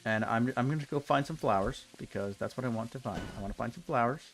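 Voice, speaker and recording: Casting note: young male streamer, fed-up rant, low voice, faint music underneath. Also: quick pace, gravelly. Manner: exasperated ranting, repeats himself. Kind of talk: casual game commentary.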